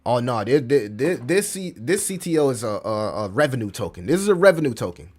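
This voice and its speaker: A man running a casual livestream, talking in a loose slangy way and dropping curses as he answers his chat. His pitch swings widely, from low mutters to sudden high bursts. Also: a little fast. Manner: animated, slangy, swears, reads chat aloud. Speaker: crypto livestream host.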